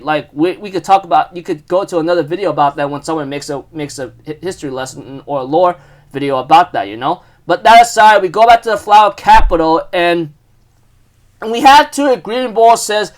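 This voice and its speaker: Excitable high-voiced young man rambling. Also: brisk. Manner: rambling, many fillers and restarts, excitable. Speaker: manga chapter reviewer. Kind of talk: casual chapter recap.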